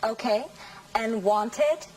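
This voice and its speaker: A woman teaching English in a scripted classroom lesson, saying model sentences slowly and carefully. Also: on the high side, darkish tone, recorded from a distance, low-quality recording. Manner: slow, careful, over-articulated model sentences.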